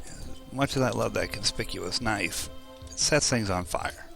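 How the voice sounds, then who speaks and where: A man's voice: lowish voice, measured pace, gravelly, a bit bright, soft background music. A young man casually commenting on his role-playing video game session, rambling and joking at his own expense, recorded on a desk mic at home. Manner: joking, rambling, laughs at himself. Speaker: let's play host.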